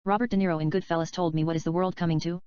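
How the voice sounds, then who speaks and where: A woman reading the part of a chatty, dreamy male screenwriter in a plain, even voice. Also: lowish voice, rapid-fire, clean tone, no room sound, natural voice. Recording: dull, slightly lo-fi dry recording.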